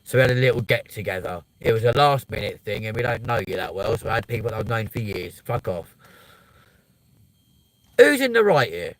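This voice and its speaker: A man's voice: lowish voice, fast, no echo, poor audio. A man ranting casually and bluntly, swearing a lot as he tells a story. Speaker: vlogger.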